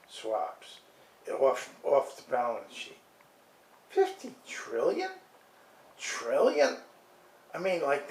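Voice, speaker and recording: A man rants with indignant disbelief, his voice at an ordinary middle pitch. He stumbles through restarts and keeps tossing out "okay?" to check that the listener is with him. The sound bounces around an echoey room. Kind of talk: ranting monologue.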